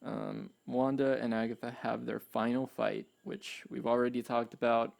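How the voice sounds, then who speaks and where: A man with a gravelly, fry-tinged voice co-hosts a relaxed podcast chat. He jokes and leans into sarcasm while he talks things over. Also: mid-range voice, moderate pace. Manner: jokey, sarcastic. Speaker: podcast co-host. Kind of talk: casual chat.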